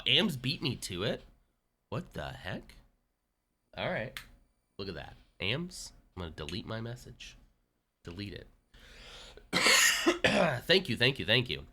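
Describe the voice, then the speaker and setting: Bright-voiced joking male streamer. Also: on the low side. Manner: chatty, joking, self-deprecating. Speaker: livestreamer. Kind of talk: casual live-stream chat.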